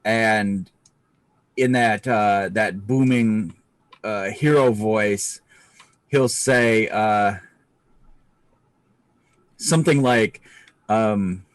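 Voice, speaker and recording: Slow, halting man playing a tabletop game. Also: lowish voice, no room sound, rough recording. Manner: halting, many restarts. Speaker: player. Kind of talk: describing his character's actions in a tabletop game.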